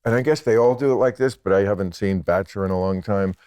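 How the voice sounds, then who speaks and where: A sardonic American man in his sixties with a fairly low voice. He chats casually and mocks what he describes, swearing freely and laughing between remarks. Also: fast talker, darkish tone, smooth. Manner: sardonic, profane, laughing asides. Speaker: podcast guest, comedian. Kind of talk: casual chat.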